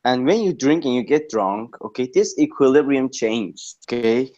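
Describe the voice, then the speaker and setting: A man chatting casually, middle-pitched and rambling, leaning on okay and you know between thoughts. The recording sounds dull and lo-fi. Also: normal speed, a little mellow. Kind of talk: casual chat.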